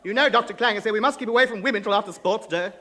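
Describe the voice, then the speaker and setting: A man's voice: high-pitched, rapid-fire, close to an everyday voice. A man playing a timid, eager-to-please new boy at a boarding school in a 1950s radio comedy. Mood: whining. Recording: hissy old radio broadcast recording.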